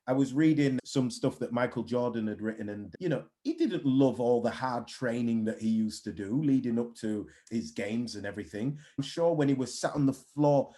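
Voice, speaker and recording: A man's voice: medium pitch, normal speed, hardly any pauses. A man, a mindset coach speaking bluntly and animatedly in a casual interview. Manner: blunt, animated storytelling with swearing.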